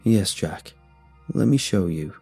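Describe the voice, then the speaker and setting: A man voicing a calm, menacing male secret government agent who delivers threats in a cool, measured way. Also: low-pitched, gravelly, husky, faint music behind, exaggerated voice. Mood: cold, calm.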